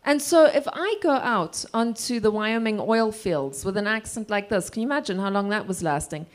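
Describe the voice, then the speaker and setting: A woman's voice: mid-range voice, lively intonation, normal speed. A woman from Zimbabwe, a guest author, telling humorous, self-deprecating stories to an audience in casual conversation.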